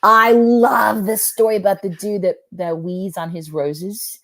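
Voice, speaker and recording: A woman storyteller and author chatting casually over a video call, animated and laughing often. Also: medium pitch, measured pace.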